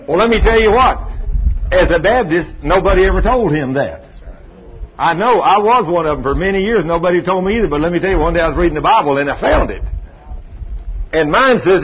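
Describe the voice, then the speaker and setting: A preacher man with a fairly high voice delivers a folksy, emphatic sermon full of stories. He drawls and presses hard on his points. The recording is muffled and lo-fi, with a faint hiss underneath. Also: sing-song, fast.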